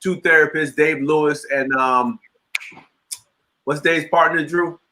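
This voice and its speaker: A man hosting a talk show, speaking earnestly and reflectively, with lively quoted asides. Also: a little high, a little slow, slight background noise. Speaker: host. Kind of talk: casual chat.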